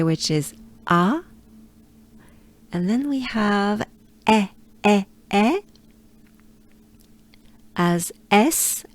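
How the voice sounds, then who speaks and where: A woman from France with a French accent, teaching pronunciation by slowly repeating syllables and leading the listener through them. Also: medium pitch, dry recording. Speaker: pronunciation coach. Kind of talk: slow, drilled pronunciation lesson.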